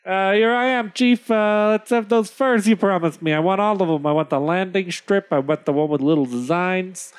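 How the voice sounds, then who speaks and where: A man voicing a greedy, excitable male frontier fur trader, wheedling and then outraged, in a comic reading. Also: sits high, moderate pace, hardly any pauses, smooth, voice pushed up, natural voice. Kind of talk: comic reading of an old tale.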